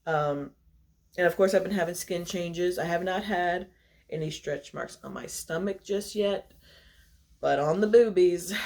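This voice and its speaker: A young woman chatting straight to her camera in a relaxed, confiding way. She laughs easily and takes extra breaths between phrases, a little winded as she talks. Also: deep voice. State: short of breath. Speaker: vlogger. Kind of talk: casual chat to camera.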